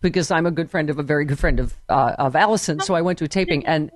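A woman's voice: sits low, fast talker, no echo, studio quality. An older woman hosting a talk show, chatting casually and cracking jokes, swearing freely. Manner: brash, joking, swears freely. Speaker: radio show host. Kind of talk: casual interview chat.

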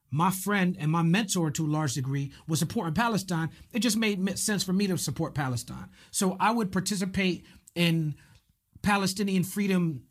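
A male podcast host speaking in an earnest, measured way in casual interview talk. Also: high voice.

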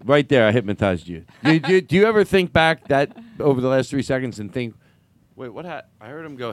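A man chatting in a loose, deadpan comedic way, often trailing off into mumbles. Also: mid-range voice, fairly quick. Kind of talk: casual comedic chat.

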